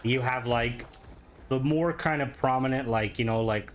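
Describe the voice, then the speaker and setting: A young man with an Irish accent talks his way through a space game on stream. His pitch sits in the middle range, and his talk rambles along in loose, filler-heavy commentary. A faint hiss of noise sits under the voice. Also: fairly even intonation, unhurried. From Ireland. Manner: rambling, chatty, full of filler words. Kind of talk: casual gameplay commentary.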